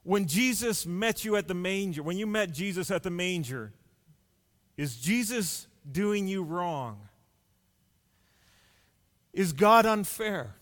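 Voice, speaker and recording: A male pastor preaches very slowly and deliberately in a slightly high, fairly bright voice, piling up one rhetorical question after another. Long reverb makes his voice ring out as if in a large church hall.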